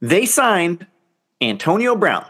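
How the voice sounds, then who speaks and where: A man co-hosting a sports podcast in casual, animated chat, laughing often and swearing now and then. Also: sits high, slow, breathy edge. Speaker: podcast co-host.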